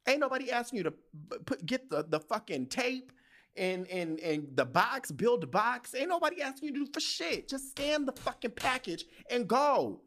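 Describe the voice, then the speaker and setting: Podcast host, young man; swings between high and low in a lively, profane rant about work. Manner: profane, heated venting with lively storytelling. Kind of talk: casual monologue rant.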